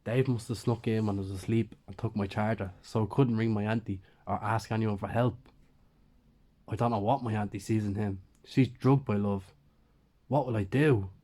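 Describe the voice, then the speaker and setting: A man's voice: lowish voice, steady tone, moderate pace, dark tone. A man narrating a first-person horror story in a plain, conversational way.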